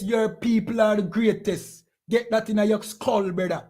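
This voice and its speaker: A man's voice: sits high, fairly even intonation, unhurried, hardly any pauses, darkish tone. A man with a Jamaican accent, preaching to a class in a scolding tone and firing rhetorical questions at his listeners. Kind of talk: impassioned preaching.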